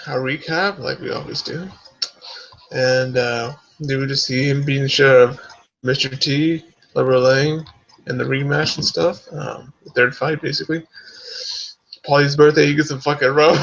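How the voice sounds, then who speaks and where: A man with a fairly high, gravelly voice recapping a film in a laid-back chat. He swears easily and chuckles at the funny parts. The sound is dull and lo-fi. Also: a bit bright. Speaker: movie review co-host. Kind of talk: casual movie review chat. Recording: dull lo-fi recording.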